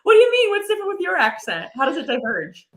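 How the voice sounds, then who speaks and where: A woman's voice: very high voice, wildly swooping pitch, fast talker. A woman chatting casually, asking questions and laughing along. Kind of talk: casual chat.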